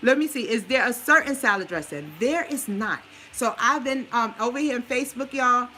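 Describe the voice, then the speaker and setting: A New Orleans woman vlogs her meal plan from a home kitchen, talking to viewers at normal speed in a highish, animated, bright and forceful voice. Her advice is sassy and preachy in this casual cooking demo, with some hiss or hum present.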